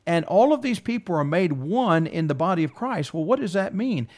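A man leads a Bible study, reading scripture passages aloud and explaining them in an earnest teaching tone. His voice sits a little high for a man. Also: sing-song, moderate pace, a little mellow.

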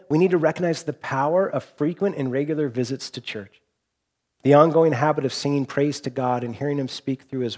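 Earnest man preaching a sermon. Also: a little high. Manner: earnest, builds to impassioned emphasis with repeated phrases; drops to quiet, soft delivery for reflective points. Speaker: pastor.

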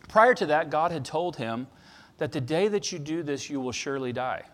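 A man's voice: on the high side, animated, normal speed. A man preaching a sermon, telling stories conversationally and pressing points with emphasis. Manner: conversational storytelling with emphatic passages. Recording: long reverb of a large hall.

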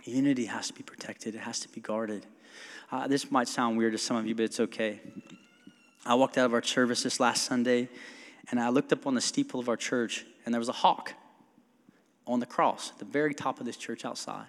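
His mid-range voice moves briskly with fairly even intonation as this male pastor offers a conversational sermon. He tells stories, quotes others, and questions the congregation, all carried by the long reverb of a church hall.

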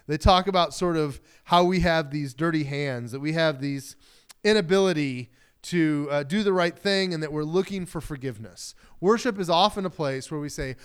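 Smooth-voiced man preaching conversationally. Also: on the high side, normal speed. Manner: conversational preaching with fillers and acted-out everyday dialogue. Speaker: pastor. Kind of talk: sermon.

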